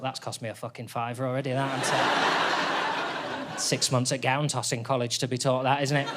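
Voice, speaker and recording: A stand-up comedian with a fairly high-pitched voice performs a dry, self-deprecating routine on a theatre stage. He's deadpan and wry, and the background is noisy with audience laughter.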